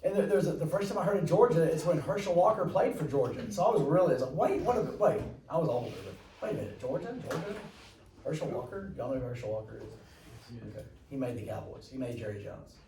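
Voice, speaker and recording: A man's voice: a little high, fast, mellow, echoey room, recorded from a distance, rough recording. A man teaching a class, chatty and rambling, with jokey asides to his students. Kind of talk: classroom lecture.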